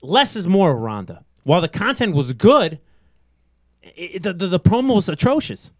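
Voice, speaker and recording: A man hosting a casual wrestling talk show, animated and rambling, laughing often. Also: high voice, moderate pace, no room sound, clean studio sound. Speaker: podcast host.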